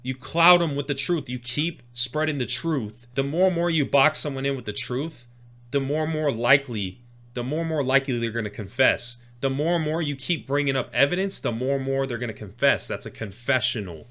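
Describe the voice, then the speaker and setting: A man reacting to a rap freestyle, his voice bright and forceful as he explains each line. He talks in a loose, casual way and gets excited as he unpacks the wordplay. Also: medium pitch, brisk. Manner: excitable, breaks down lyrics line by line. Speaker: music reaction host.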